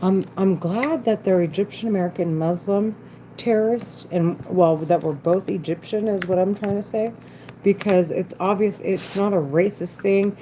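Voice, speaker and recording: A woman's voice: mid-range voice, normal speed, dark tone, a little hiss or hum. A woman vlogger talking to camera in an agitated, repetitive, rambling monologue. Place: at home, doing her makeup.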